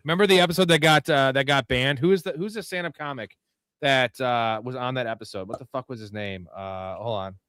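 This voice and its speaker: A man's voice: mid-range voice, brisk, a bit bright, smooth, no room sound. A man co-hosting a live sports talk show, chatting casually and rambling with profane jokes and laughter. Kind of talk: casual chat.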